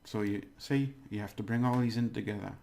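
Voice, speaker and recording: A man's voice: on the low side, a little fast, creaky, warm tone. A man giving a casual video language lesson, chatty, exaggerating words to demonstrate them and laughing at his own slips. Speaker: language teacher.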